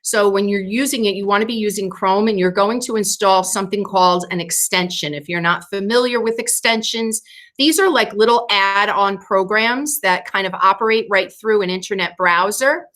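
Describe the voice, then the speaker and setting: A woman leading a teacher training over a video call, walking through software steps casually, and she says she is losing her voice. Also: mid-range voice, moderate pace. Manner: explains steps casually with fillers. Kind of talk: screen-share training session.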